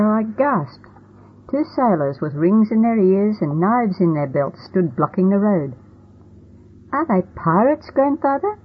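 A woman narrating a first-person storybook in a plain, steady reading manner. The sound is tinny and phone-like. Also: medium pitch, breathy edge. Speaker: audiobook narrator.

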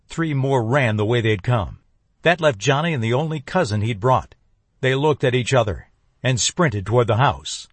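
Husky male audiobook narrator. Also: medium pitch, animated, moderate pace, dry recording. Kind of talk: first-person thriller narration.

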